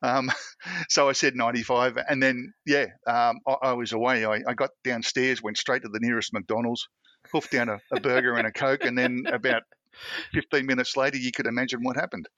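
Man, middle-aged, bright tone, dry close sound, rambling storyteller. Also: mid-range voice, steady tone, brisk, no echo, muffled recording. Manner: rambling anecdotes, frequent restarts and self-laughter. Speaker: guest, former federal police officer. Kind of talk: casual storytelling interview.

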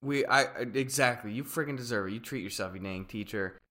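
A man's voice: fairly low pitch, a little fast. A young man co-hosting a casual podcast, ranting animatedly and swearing. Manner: animated, swearing, rants loudly. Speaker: podcast co-host. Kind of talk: casual chat.

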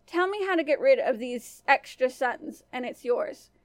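A woman voicing a jealous, scheming stepmother queen who gives sharp, cold commands. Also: sits high, animated, unhurried, no echo.

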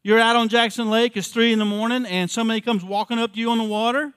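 A man's voice: very high-pitched, level tone, quick pace, fairly bright tone, smooth, no room sound, clean studio sound. A man in his fifties preaching a sermon as pastor in a church, earnest and full of rhetorical questions, often repeating his words. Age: 50s.

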